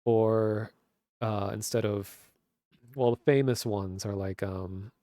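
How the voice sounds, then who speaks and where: A man's voice: on the low side, fairly even intonation, takes it slowly, mellow, no echo, clean studio sound. A man in his thirties with a Minnesotan accent, chatting casually on a webcam stream and rambling with lots of fillers. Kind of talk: casual chat. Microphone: webcam stream mic.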